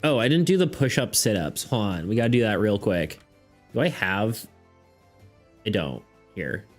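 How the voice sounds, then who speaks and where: A man's voice: lowish voice, sing-song, moderate pace, faint music behind. A man running a livestreamed tabletop game as game master, narrating in a loose, laid-back way and thinking aloud.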